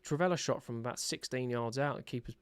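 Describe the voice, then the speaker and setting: Young guy yelling at the match on a live stream, jokey and sarcastic, medium voice, dead dry sound. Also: mid-range voice, fast talker, clear, resonant tone, no echo. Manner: excitable, bursts into shouts at goals, sarcastic banter with chat. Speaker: football watch-along host. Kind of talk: live match reaction chat.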